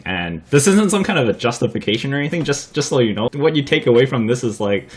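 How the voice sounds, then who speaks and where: A young man chats straight to camera in a mid-pitched voice, spinning a rambling anecdote. He keeps breaking into laughter and swears freely. His delivery is loose and packed with fillers. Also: sing-song, fast. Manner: laughs often while talking, swears freely. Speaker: vlogger. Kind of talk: casual storytelling vlog.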